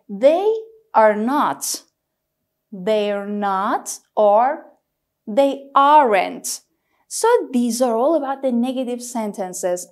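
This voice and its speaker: A woman teaching an English grammar lesson, speaking deliberately and repeating each form with frequent "okay?" checks. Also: on the high side. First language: Persian.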